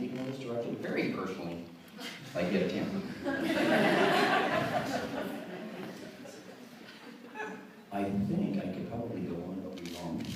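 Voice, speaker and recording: A man's voice: low-pitched, noisy background. A middle-aged man giving a rambling, self-deprecating father-of-the-bride toast at a wedding. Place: wedding reception hall. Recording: echoey reception hall, distant mic.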